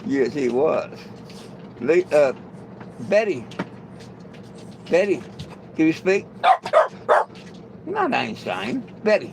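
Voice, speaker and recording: A man's voice: on the high side, very animated, slow, vocal fry, long pauses, very noisy. A man vlogging outdoors, chatting casually and cooing affectionately at his dogs. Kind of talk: casual talk to camera and pets.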